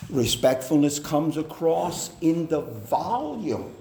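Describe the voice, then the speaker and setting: A man preaching a sermon on family life, slow and deliberate, with hesitant fillers. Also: on the high side, very animated, vocal fry, mellow. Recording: echoey hall with faint noise.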